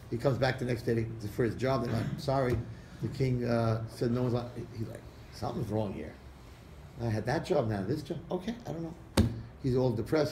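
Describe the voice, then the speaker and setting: A man, a rabbi, telling a parable to an audience and acting out the characters' lines with lively shifts. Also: mid-range voice. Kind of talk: storytelling talk to an audience. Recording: echoey room recording with faint background noise.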